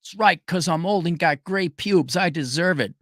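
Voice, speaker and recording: A man's voice: sits high, normal speed, a bit bright, no room sound, clean studio sound. A man hosting a casual livestream who reads out viewer donations and answers them in a blunt, sarcastic and profane way. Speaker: show host reading viewer donations.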